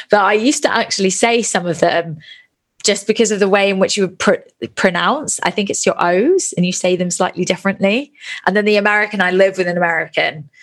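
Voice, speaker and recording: Speaking over a video call from Bali, Indonesia, a well-spoken UK woman with a posh southern English accent is a guest in a casual interview, laughing easily. Her voice is fairly low in pitch and a bit bright.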